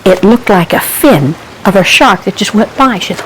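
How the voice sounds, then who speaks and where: Animated woman telling a children's story. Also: fairly high pitch, normal speed, few pauses, poor audio. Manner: animated, asks listeners questions, hushes for suspense. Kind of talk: Bible-themed children's story.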